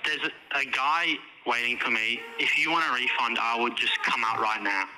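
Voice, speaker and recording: A man working at a cinema answers a caller politely, hedging with ums. He comes through a phone played on speaker, with clear noise around him. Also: medium pitch, steady tone, normal speed, pushed and bright, rough recording. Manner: polite, hesitant. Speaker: cinema worker taking a call.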